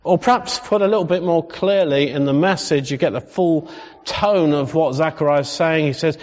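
A man preaching a sermon in a conversational style that rises into animated emphasis. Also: on the high side, moderate pace. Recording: dull sound with long hall reverb.

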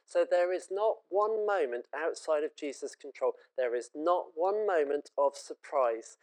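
A man's voice: fairly high pitch, darkish tone, low-quality recording. A British man preaching a sermon in an earnest, conversational and emotive way.

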